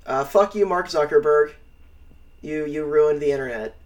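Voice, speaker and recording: Male co-host, fairly high voice, excitable and profane, casual podcast chat. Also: moderate pace.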